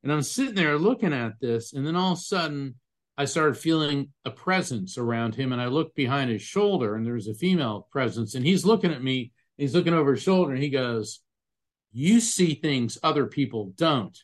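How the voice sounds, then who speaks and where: This is a man talking in an interview with an earnest, emphatic manner. He tells his stories at a medium pitch and describes physical sensations vividly, as a medium and former attorney. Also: animated, fairly quick. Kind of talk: conversational interview storytelling.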